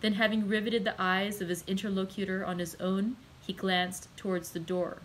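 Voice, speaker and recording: A woman's voice: medium pitch, little pitch movement, normal speed, slight background noise, poor audio. Woman reading a classic novel aloud. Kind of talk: audiobook narration.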